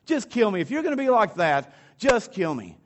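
A man's voice: high-pitched, big pitch swings, normal speed, pitched above the performer's own voice. A man voicing a cranky, overdramatic prophet who whines in exasperation. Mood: exasperated. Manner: whiny, exasperated, theatrical. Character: cranky overdramatic male prophet, adult, sulking.

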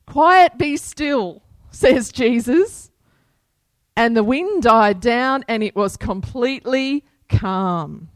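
A woman pastor preaching a sermon to her congregation in an unhurried, earnest manner, quoting scripture. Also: medium pitch, no room sound.

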